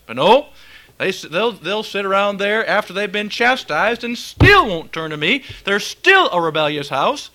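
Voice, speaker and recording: A man's voice: sits high, sing-song, moderate pace, sharp tone. A man preaching a fiery, folksy sermon and reading scripture aloud.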